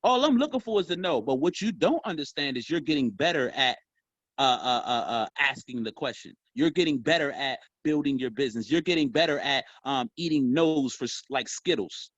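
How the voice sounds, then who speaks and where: A man coaching a group on sales, talking in a casual, animated way and calling them y'all. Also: medium pitch, brisk, no echo, highs cut off. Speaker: sales trainer. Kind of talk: motivational training talk.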